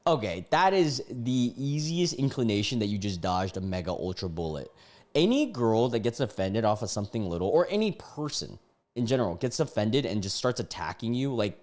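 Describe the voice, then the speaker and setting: Laid-back young man streamer, low-pitched. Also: a little mellow. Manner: laid-back, joking, sometimes incredulous. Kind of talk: casual livestream reaction, reading messages aloud.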